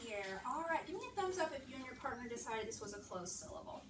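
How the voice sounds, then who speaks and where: A woman teaching young children a reading lesson in a classroom, upbeat and encouraging, speaking slowly and clearly. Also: on the high side, sing-song. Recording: echoey classroom, far-off mic, background noise.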